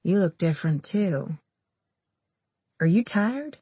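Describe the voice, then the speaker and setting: A woman voicing a soft-spoken male prisoner on his wedding day, quiet and earnest. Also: sits high, sing-song, slow pace, slightly rough, no room sound, exaggerated voice. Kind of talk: audiobook character voice.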